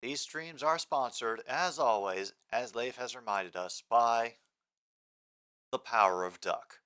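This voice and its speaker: A man's voice: mid-range voice, slow pace, sharp tone. A man hosting a casual live sports stream, rambling between game commentary and replies to chat comments.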